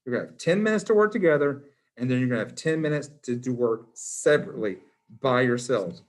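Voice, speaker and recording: A man's voice: mid-range voice, lively intonation, brisk. A man, a biology teacher in his classroom, quizzing students by name in a playful, encouraging way. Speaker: high school biology teacher.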